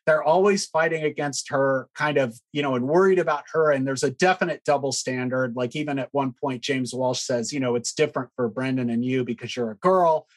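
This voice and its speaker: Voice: medium pitch, fairly quick, few pauses. Mocking podcast host. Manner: mocking, animated. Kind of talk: casual chat.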